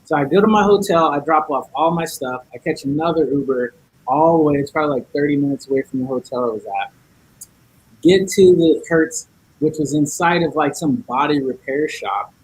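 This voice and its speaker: A man's voice: on the high side, brisk, breathy edge, rough recording. A man guest on a podcast, telling a story in casual chat, acting out each side of the dialogue and cursing a lot.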